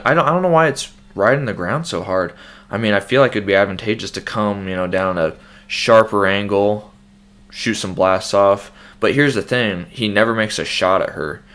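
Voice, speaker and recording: A man's voice: deep voice, fairly bright tone. A young man hosting a casual, loose trailer breakdown, thinking aloud with many fillers and restarts. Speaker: host.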